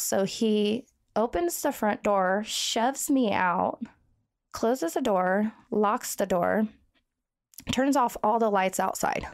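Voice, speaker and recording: A woman guest on a podcast recounts a personal story in an earnest, shaken way. She pauses often, restarts her sentences and leans heavily on fillers. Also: medium pitch, gravelly. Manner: halting, full of "like" fillers and restarts.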